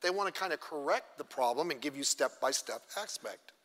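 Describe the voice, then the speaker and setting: This pastor, a middle-aged man, speaks fairly quickly with lively intonation in a slightly high, somewhat bright voice. He's giving chatty, self-deprecating sermon-style teaching to a church class, acting out small quotes, amid long church hall reverb.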